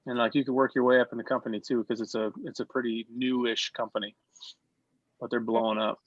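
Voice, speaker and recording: A man leading a class on a video call, encouraging and offering job connections, talking in quick bursts with restarts. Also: medium pitch, flat delivery, no echo, dull audio. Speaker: class leader.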